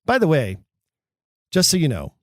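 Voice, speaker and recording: A man hosting a podcast, teaching Shakespeare acting with emphatic delivery that drops low and slow for dramatic lines. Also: wildly swooping pitch, no echo. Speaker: podcast host.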